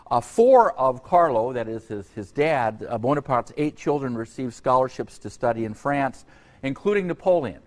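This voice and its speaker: A man giving an unscripted university history lecture, halting often on fillers and restarts, with conversational asides to his students. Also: mid-range voice, very animated, darkish tone. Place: lecture hall.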